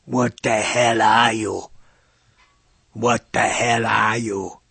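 A man doing a gruff action-hero impression. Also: fairly low pitch, level tone, sharp tone, no echo, pitched below the performer's own voice, heavily acted. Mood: menacing. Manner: slow, heavy, menacing delivery. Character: gruff muscle-bound male action hero.

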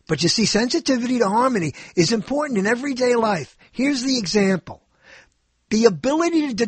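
A man's voice: very high-pitched, breathy edge, dry recording. A male show host talking in a casual, rambling monologue, joking and often stumbling and correcting himself.

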